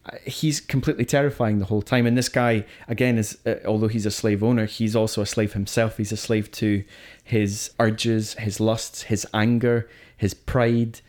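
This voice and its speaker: A man co-hosts a film podcast, chatting casually and opinionatedly about movies and often restarting his sentences. His voice sits on the low side with a level tone and darkish timbre. He talks at a moderate pace with hardly any pauses.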